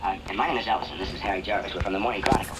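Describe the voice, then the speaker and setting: A man playing a polite male newspaper reporter who speaks formally and quickly. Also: lowish voice, heavy background noise, close to an everyday voice. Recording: dull lo-fi sound, loud music behind.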